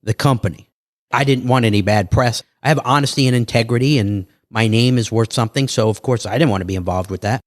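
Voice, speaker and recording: Male entrepreneur guest, animated pitchman delivery, dry studio sound. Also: fast, hardly any pauses, no room sound. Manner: animated salesman patter, acts out dialogue. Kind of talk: casual interview talk.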